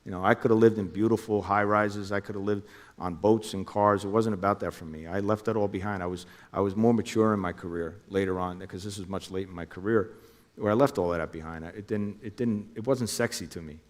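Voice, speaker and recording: A man's voice: lowish voice, steady tone, a little fast, long reverb tail. A middle-aged man from New Jersey, a former undercover officer, telling his story in an interview and acting out phone calls in quoted voices.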